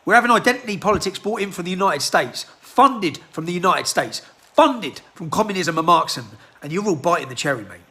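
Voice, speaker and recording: A man ranting heatedly into a phone held in his hand, his voice pitched very high. It swings up and down a lot and has a bright, sharp edge. He keeps hammering rhetorical questions and stops to clear his throat. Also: lively intonation, a little fast. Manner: agitated, fires off repeated rhetorical questions, clears throat often. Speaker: political activist. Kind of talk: impassioned rant to a phone camera. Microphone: handheld phone.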